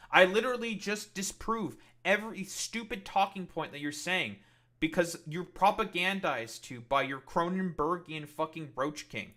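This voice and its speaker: A man streams live and rants at his chat in a bright, forceful voice that sits a little high. He is combative and swears constantly, switching into sarcastic mockery between his attacks. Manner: heated, profane, combative; sarcastic, mocking.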